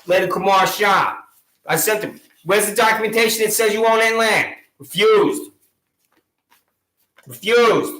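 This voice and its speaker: Combative male ranter, high-pitched and bright, sarcastic accusatory tone, roomy echo. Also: unhurried, long pauses. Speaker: video channel host. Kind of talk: angry monologue to camera.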